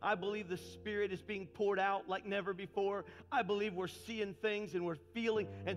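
High-voiced preacher in a reverberant church. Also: male voice, steady tone, moderate pace, hardly any pauses. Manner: impassioned, building to fiery calls. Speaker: pastor. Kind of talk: sermon. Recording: long reverb with faint music.

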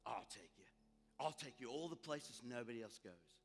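A man's voice: mid-range voice, animated, moderate pace. A man voicing an easygoing, persuasive male tour guide in a sermon story, with faint music and a long hall reverb. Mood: coaxing. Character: laid-back male tour guide, grown man, cheerful.

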